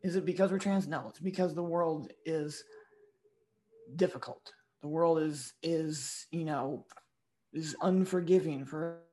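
A woman with a breathy, weak voice, talking frankly as a guest in a casual interview. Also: low voice, poor audio. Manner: frank, talks in restarts and lists. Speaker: comedian guest.

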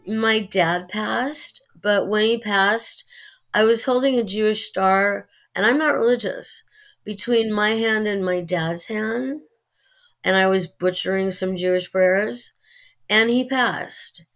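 A middle-aged woman with a Californian Valley accent, talking earnestly as an interview guest, with many pauses and fillers. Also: mid-range voice. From United States. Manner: earnest, opinionated, halting with fillers. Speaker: guest, actress and writer. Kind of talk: interview conversation.

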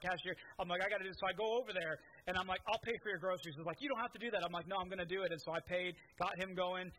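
A man's voice: high voice, a bit bright, a little hiss or hum, rough recording. A man preaching a sermon, telling stories in a conversational way with many restarts. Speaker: pastor.

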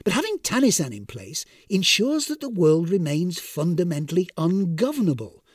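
A man voicing a harried male archangel supervisor who talks in a brisk, reasoning, managerial way. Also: high-pitched, sing-song, husky, no echo, studio quality, distant mic, heavily acted. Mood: explaining.

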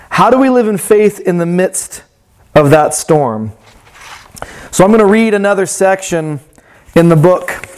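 A man preaching a sermon in a reflective way that turns animated when he tells a story. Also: high-pitched. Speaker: pastor.

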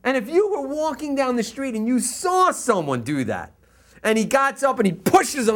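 Animated man telling a teaching story. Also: very high voice, moderate pace. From US East Coast. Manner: animated, laughs often, acts out scenes. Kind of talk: storytelling lecture.

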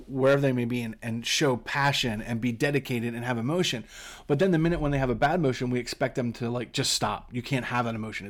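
A middle-aged man hosts a solo coaching podcast, explaining his points in an earnest, conversational way. He often repeats a word as he gets a phrase going. His voice sits at an ordinary middle pitch. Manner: earnest, repeats words when starting phrases.

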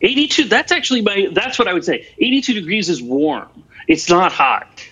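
A man's voice: sits high, big pitch swings, brisk, pushed and bright, husky. A man co-hosting a comedy podcast, arguing his side insistently and going over his points again. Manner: argumentative, insistent, repeats points. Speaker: podcast co-host. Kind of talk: casual comedic debate.

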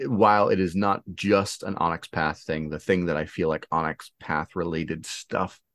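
Man, very low voice, dry close sound, relaxed podcast host. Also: moderate pace, no echo. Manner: relaxed, affirming, plugs a crowdfunding campaign. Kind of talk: casual interview chat.

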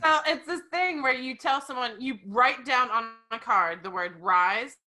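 An American woman hosting a casual chat, giggling and animated. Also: on the high side, measured pace. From United States.

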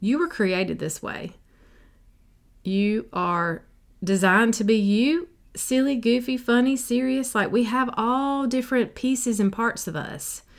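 A South Carolina woman who works as a life coach hosts a casual solo podcast into a podcast microphone. Her voice is fairly high and slow, and her manner is chatty, silly and sassy.

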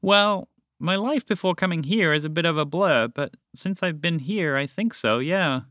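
A man's voice: fairly high pitch, normal speed, sharp tone, no room sound, studio quality, voice pushed up. A man voicing a cheerful, naive young male toucan in a storybook podcast. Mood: innocent. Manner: innocent, eager, puzzled.

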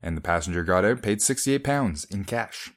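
A man's voice: on the low side, lively intonation, normal speed. A man from Canada co-hosting a podcast, wryly narrating the timeline of a case in casual chat. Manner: storyteller, reads out timeline, wry. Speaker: podcast co-host. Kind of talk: casual chat retelling a true story.

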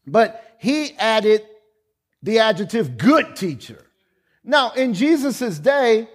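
A man preaching a sermon, slow and emphatic, with repeated lines and dramatic pauses. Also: sits high.

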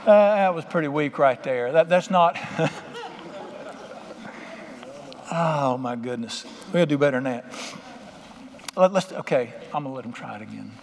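A man's voice: fairly high pitch, lively intonation, moderate pace, slight background noise. A man preaching a sermon as pastor, exhorting his congregation and leading call-and-response. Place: church sanctuary. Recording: long hall reverb with faint music.

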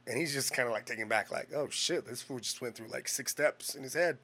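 A man's voice: medium pitch, a little fast, slight background noise. A man casually telling a long personal story, swearing often and jumping between restarts and acted-out dialogue. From Hispanic heritage. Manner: profane, rambling, animated retelling.

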